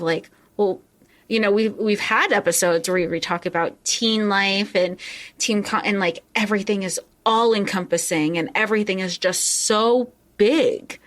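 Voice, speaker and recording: A woman co-hosts a casual book discussion in an even, mid-pitched voice. She talks at length, filling her sentences with fillers as she explains her points. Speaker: podcast co-host.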